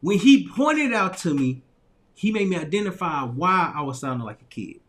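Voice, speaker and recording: Southern man from Arkansas, high voice for a guy, casual motivational storyteller, chatty and repetitive. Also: very animated, normal speed, fairly bright tone. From Little Rock, Arkansas, US. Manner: loose, repetitive phrasing with frequent laughs and restarts. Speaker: motivational speaker.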